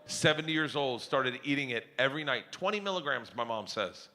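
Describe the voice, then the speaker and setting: A man telling a crude, animated stand-up story on stage before a live audience. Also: mid-range voice, brisk. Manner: loud, animated, crude punchlines. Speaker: stand-up comedian.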